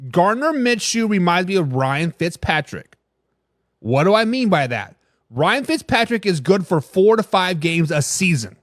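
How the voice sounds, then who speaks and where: High-voiced brash NFL talk host. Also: male voice, big pitch swings, unhurried, no room sound, clean studio sound. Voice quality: high, twangy voice. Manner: brash, opinionated, talks straight to chat. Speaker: sports talk show host. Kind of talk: live-stream NFL commentary, reading chat.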